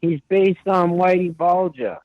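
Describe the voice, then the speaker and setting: A man's voice: high voice, unhurried, dry recording, lo-fi sound. A man chatting on a podcast, swearing freely and getting worked up as he raves about a movie. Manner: profane, excited, acts out movie scenes. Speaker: podcast host. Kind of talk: casual chat.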